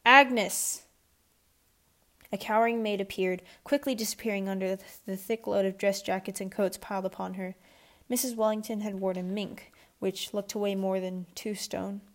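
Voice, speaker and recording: Woman, children's book read-aloud, steady, plain voice. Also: medium pitch, a little fast. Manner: steady reading with small restarts. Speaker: audiobook reader.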